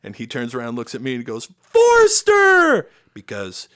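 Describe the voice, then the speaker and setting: Quick-paced and mid-range in pitch, a middle-aged American man shares band stories as a podcast guest. His casual storytelling is animated, with quotes acted out in sudden loud jumps. The recording is dry and clean, studio-grade.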